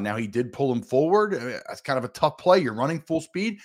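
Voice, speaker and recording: A man who once played pro football, talking as a guest on a sports radio show and stressing his points with big jumps in pitch. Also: very animated, moderate pace. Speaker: guest, former NFL player. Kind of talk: casual sports radio talk.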